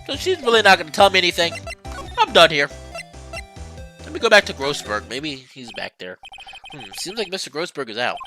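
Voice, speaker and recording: A man's voice: a little high, sing-song, brisk, pauses often, sharp tone, soft background music. A man hosting a game let's play, reading the hero's lines and joking along playfully.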